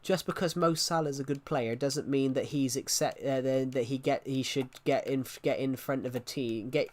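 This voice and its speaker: Male live streamer, mid-pitched, loose rambling delivery. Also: fairly even intonation, moderate pace, a little mellow. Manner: rambling, repeats and restarts phrases. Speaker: game streamer. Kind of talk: casual live-stream chat.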